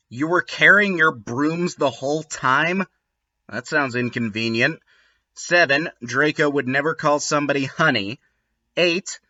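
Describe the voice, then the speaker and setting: A man giving comedic commentary with sarcastic, wry asides. His delivery is slow and unhurried, with a very bright, sharp tone. The recording sounds dull and lo-fi. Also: on the high side. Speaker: host reading and mocking a fanfiction.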